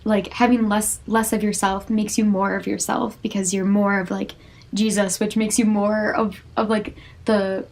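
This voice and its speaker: Halting young woman musing on faith. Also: medium pitch, flat delivery, creaky, a little mellow. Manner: halting, searching, many fillers and restarts; earnest and self-critical. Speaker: podcast host. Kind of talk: personal faith reflection.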